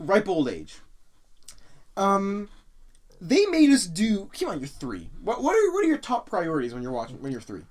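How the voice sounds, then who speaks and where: A man's voice: high-pitched, huge pitch swings, moderate pace, darkish tone. A man hosting a casual podcast, joking around, swearing freely and reading out listener comments. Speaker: podcast host.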